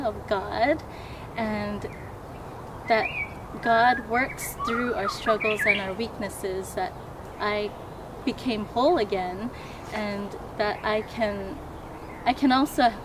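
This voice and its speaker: A soft-spoken woman guest tells her story in a slow, unhurried way. She is hesitant and pauses often. There is clear noise behind her. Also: medium pitch. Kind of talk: personal testimony.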